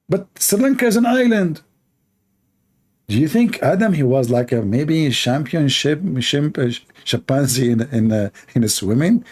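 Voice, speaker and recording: A man with an Arabic accent talks in a sarcastic, mocking way, ribbing the clip he is reacting to. His voice sits a little high for a man. He hosts with a teasing, playful edge. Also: lively intonation, normal speed, a little mellow. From Middle East. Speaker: show host reacting to a clip. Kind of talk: mocking commentary.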